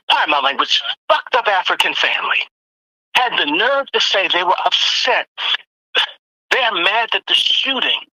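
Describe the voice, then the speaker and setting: A woman's voice: lowish voice, dry recording, rough recording. A woman from the United States giving impassioned commentary as a roundtable panelist, acting out the exchanges she describes. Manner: animated, acts out quoted exchanges.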